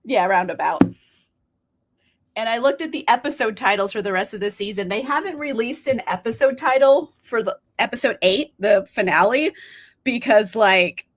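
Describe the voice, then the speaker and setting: Brief: young female livestream host, giggly and chatty, bright swooping delivery. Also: a little high, lively intonation, normal speed. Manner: bubbly, giggly, greets chat viewers by name. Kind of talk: casual livestream chat.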